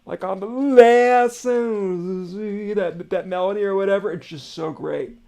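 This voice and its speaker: A man hosting a casual music reaction, talking in an excitable rush full of fillers and swearing. His voice sits a touch high and has a gravelly edge. He rambles as he explains what he hears. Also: slow, a little hiss or hum.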